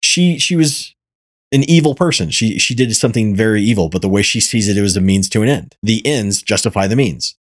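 A man with a low-pitched voice hosts a casual podcast, explaining things at length and circling back with fillers. The sound is dry and close, with no room around it. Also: brisk, no room sound. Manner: rambling, animated explainer with many fillers. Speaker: podcast host. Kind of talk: casual chat.

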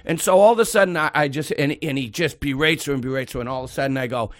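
A man in his fifties in casual podcast chat, telling stories loudly with swearing and acted-out quotes. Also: medium pitch, very fast, no echo, clean studio sound. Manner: loud, swearing, acts out quoted people. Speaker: podcast co-host.

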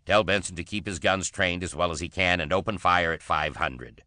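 A man's voice: deep voice, moderate pace, bright, forceful tone, no room sound, studio quality. A man voicing a brusque ship commander who gives curt orders. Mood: commanding.

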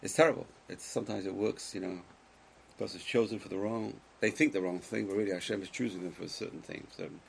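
A man giving a Torah lecture to a live class, speaking emphatically, swinging between loud exclamations and quiet asides, and putting questions to his listeners. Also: fairly low pitch, steady tone, fast, gravelly, a little hiss or hum, low-quality recording. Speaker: Torah teacher.

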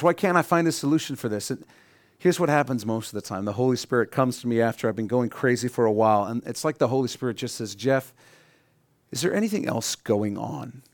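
A middle-aged pastor preaches a sermon in a medium-pitched voice with no echo, rising to emphatic peaks and dropping to quiet asides.

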